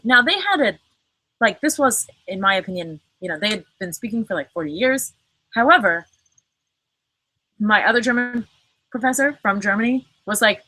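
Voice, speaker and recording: Hosting a casual livestream, this woman answers viewer comments in a rambling, chatty way, packed with fillers and frequent swearing. Her medium-pitched voice is lively, bright and forceful at a moderate pace, with no echo but a rough recording.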